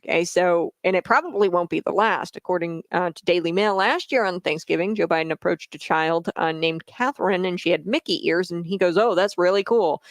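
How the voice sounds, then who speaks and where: A man's voice: high voice, a little fast, few pauses, a bit bright, dry recording. A man hosting a casual political commentary vlog, talking in a sarcastic, mocking way with lots of filler words.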